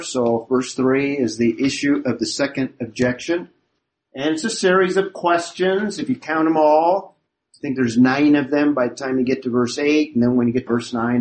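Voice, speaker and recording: A man's voice: mid-range voice, normal speed, a little mellow, a little hiss or hum, low-quality recording. A man teaching a Bible study class, explaining a passage and asking rhetorical questions of his listeners.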